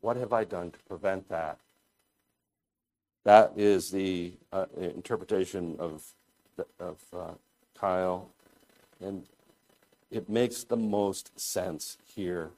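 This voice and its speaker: Male pastor, sermon delivery, low-ish voice, slow and deliberate with restarts. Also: darkish tone. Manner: deliberate, thoughtful, often pauses and restarts.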